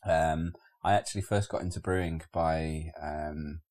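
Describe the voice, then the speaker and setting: A very deep-voiced man talks in a loose, easygoing way on a podcast, trailing off and restarting often. His speech is unhurried and conversational. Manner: relaxed, rambling, many fillers and restarts. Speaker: guest, beer delivery business owner. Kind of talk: casual podcast chat.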